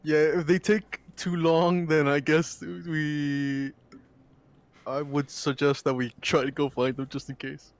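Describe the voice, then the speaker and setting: A man taking part in a tabletop game as a player, speaking in a measured, polite way. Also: on the high side, level tone. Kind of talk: in-character play at a tabletop game.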